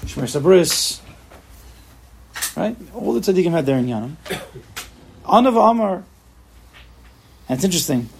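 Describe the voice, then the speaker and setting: A man with a somewhat high, gravelly voice teaches a Torah class in a relaxed spoken way. His husky tone carries through frequent restarts and rhetorical questions, with Hebrew terms mixed into his talk.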